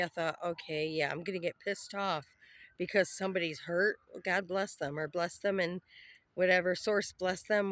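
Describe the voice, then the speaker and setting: A woman's voice: low-pitched, no room sound. Cranky woman venting outdoors. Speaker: vlogger. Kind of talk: casual rambling monologue to camera. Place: outdoors by a pond with ducks.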